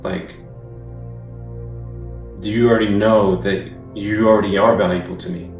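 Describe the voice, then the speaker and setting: A man's voice: lowish voice, little pitch movement, normal speed, darkish tone. A man giving a casual youth sermon, talking conversationally with repeated rhetorical lists. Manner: conversational, repetitive rhetorical lists, occasional chuckles. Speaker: guest youth speaker. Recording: echoey room, distant mic, faint music.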